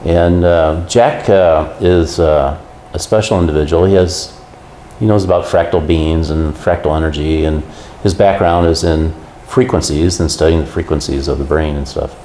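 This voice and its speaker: A man guest on a talk show, telling his story in a casual, animated way and acting out the quotes. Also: extremely low pitch, moderate pace, reverberant, a little hiss or hum.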